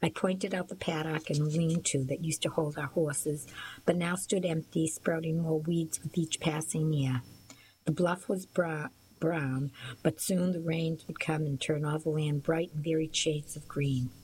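A woman calmly narrating a first-person novel in a soft voice that at times drops to a near-whisper. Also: deep voice, a little slow, slight background noise, poor audio. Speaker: audiobook narrator.

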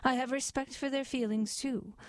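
A woman's voice: high voice, steady tone, moderate pace, no room sound, voice pushed up, close to an everyday voice. A woman voicing a proud, long-winded middle-sized male goat in a storybook reading. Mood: earnest. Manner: earnest, long-winded excuses.

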